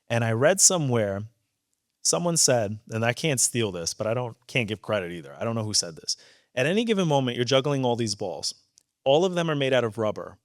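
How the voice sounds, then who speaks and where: Animated New York man on a stage. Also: medium pitch, no room sound, studio quality. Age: 30s. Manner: animated, candid and earnest, quick restarts. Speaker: judge. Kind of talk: conversational storytelling on stage.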